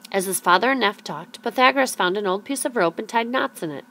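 A woman reading a children's storybook aloud in a clear, measured way. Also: medium pitch, lively intonation, sharp tone. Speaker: storybook reader.

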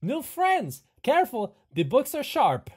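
Guy doing a squeaky excited hunchback librarian, bouncy pitch, kinda husky. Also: a little slow, heavily acted. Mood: eager. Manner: high excited put-on voice with broken grammar. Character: hunchbacked male librarian, eager and fussy.

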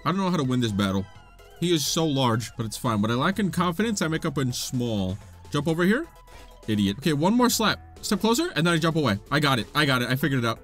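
A man's voice: medium pitch, sing-song, fast. A young man giving playful, dramatic let's-play commentary, trash-talking enemies and panicking in bursts. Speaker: gaming YouTuber. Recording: faint game music behind. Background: game music.

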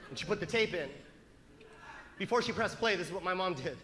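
A male comedian telling a profane story in stand-up, animated, acting out the scenes. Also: high-pitched, fairly quick, long pauses, slight background noise.

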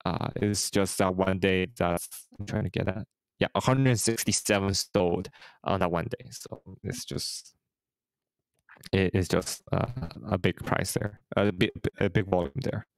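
A man's voice: sits low, fairly even intonation, unhurried, vocal fry, clean tone, dry recording, rough recording. A man hosting a casual live stream, talking through market charts in a hesitant way with many fillers and restarts. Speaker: host.

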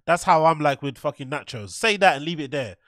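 High, bright-voiced man reacting. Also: animated, brisk, no room sound, studio quality. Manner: profane, laughs often, riffs loosely. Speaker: reaction video host. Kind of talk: casual reaction commentary.

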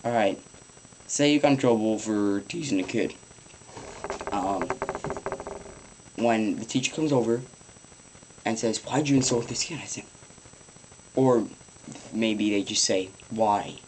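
A teenage boy with a fairly low voice rambles through advice in a home vlog, swearing casually and peppering his talk with ums. A faint hiss of room noise sits under the built-in camera mic. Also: slow pace, pauses often, darkish tone, low-quality recording. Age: teens. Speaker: vlogger.

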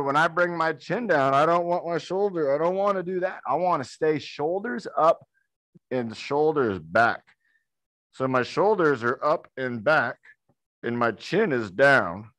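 A man leads a workout on camera, talking viewers through each move with upbeat encouragement. His voice sits a little high for a man. The sound is close and dry, with almost no room echo. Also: fairly bright tone. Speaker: fitness instructor. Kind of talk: guided workout instruction.

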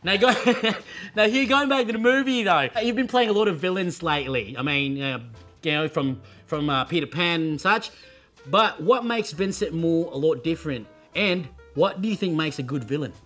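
A playful man from the Philippines interviews in character, leaning on a put-on Australian accent. His voice sits high and bright, quick to laugh. Soft music plays faintly behind him. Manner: playful, joking, laughs often. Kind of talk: jokey entertainment interview.

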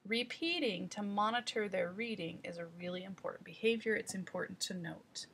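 A woman teaching trainees in an instructional voice-over, explaining deliberately and speaking straight to the viewer. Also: mid-range voice, fairly bright tone, husky.

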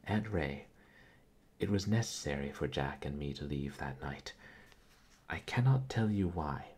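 A man's voice: extremely low pitch, lively intonation, a little slow, darkish tone, husky, heavily acted. A man reading aloud voices a stern, guarded young man who turns agitated under pressure in a storybook. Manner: stern, clipped.

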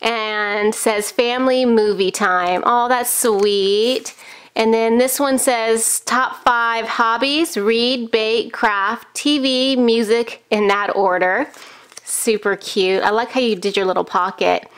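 Thirtysomething woman crafter gushing over a package, highish voice, slow easy talk, lots of oh my gosh gasps. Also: fairly even intonation, a bit bright, clear, resonant tone. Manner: gushing, enthusiastic, frequent gasps. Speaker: crafting YouTuber. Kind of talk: casual unboxing chat.

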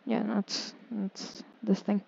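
Her mid-range voice is flat, slow, creaky, a little mellow and edged with breath, and the audio sounds dull. She mutters casual commentary to herself while streaming a city-building game, growing exasperated whenever something goes wrong.

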